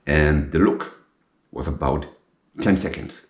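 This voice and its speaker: A middle-aged man, a native German speaker, telling his own story slowly and emphatically in English, repeating himself and dropping in French military terms. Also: a bass voice. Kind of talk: personal storytelling monologue. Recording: echoey room with faint guitar music.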